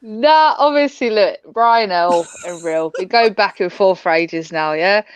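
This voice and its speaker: A woman's voice: medium pitch, a little slow, clean tone, no room sound. A woman, a livestream guest chatting casually with slang.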